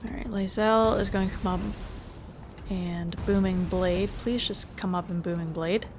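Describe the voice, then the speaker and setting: A woman hosting a let's play, quietly talking through her moves with frustrated asides. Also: mid-range voice, fairly even intonation, a little slow, noisy background. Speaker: gaming video host.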